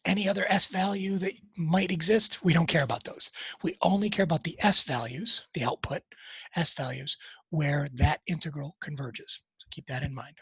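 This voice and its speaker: In this dry, high-cut recording of a college math lecture, a man with a fairly high, husky voice sounds pushed and bright. He talks through the problems casually, tossing in wry jokes at his own expense.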